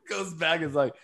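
A man hosting a podcast, chatting casually, animated and quick to laugh, acting out movie lines as he talks. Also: fairly high pitch, vocal fry, breathy edge, dry recording, studio quality. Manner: animated, laughs often, acts out movie quotes. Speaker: podcast host.

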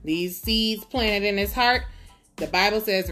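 A woman retelling a Bible story as a casual lesson. She talks in a lively, conversational way with plenty of humor. Faint music plays behind her. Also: mid-range voice, slow pace. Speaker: Bible teacher.

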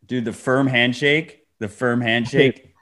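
A man's voice: mid-range voice, steady tone, takes it slowly, a bit bright. A man co-hosting a podcast, chatting casually and ranting in a laid-back way. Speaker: podcast co-host. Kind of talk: casual chat.

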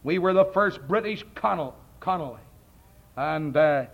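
A man's voice: on the high side, animated, a little slow, vocal fry. Middle-aged Ulster Scots man, fiery preacher, rolled R's, old lo-fi tape. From Northern Ireland. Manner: thundering, rolls his R's. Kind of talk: fiery sermon. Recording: dull lo-fi archive recording.

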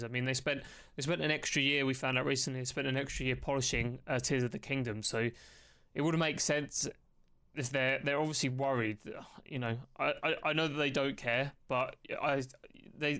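Chatty man with a smooth voice. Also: medium pitch, bright, forceful tone. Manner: chatty, asks questions and thinks aloud. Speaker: podcast host. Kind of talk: casual podcast chat.

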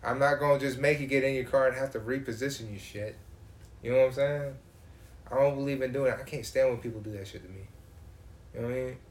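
Brief: male co-host, casual chat, profane and animated storyteller. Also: medium pitch, fast talker, roomy sound.

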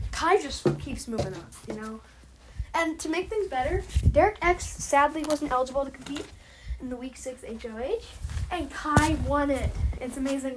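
A woman chatting excitedly as she recaps a reality show, gushing and rambling and often correcting herself. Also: high voice, noisy background. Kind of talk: excited casual vlog recap.

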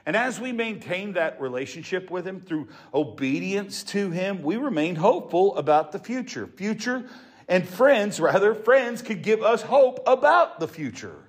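A man's voice: high-pitched, big pitch swings, unhurried. A man preaching a sermon to his congregation in an earnest, emphatic way. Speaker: pastor.

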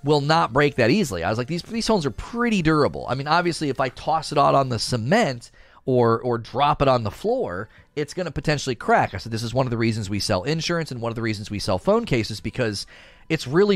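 A young man with a mid-range voice casually recounts an encounter with an angry customer. He's animated, acts out the quoted voices, and laughs often; there's no echo.

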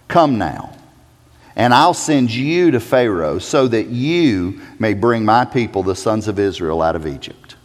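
A male pastor preaching with a lively, wide-ranging pitch, dropping to a hush and then rising to near shouts. His voice rings out with a long reverb, as in a church sanctuary. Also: measured pace. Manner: dramatic, swings from loud to hushed. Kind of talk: sermon.

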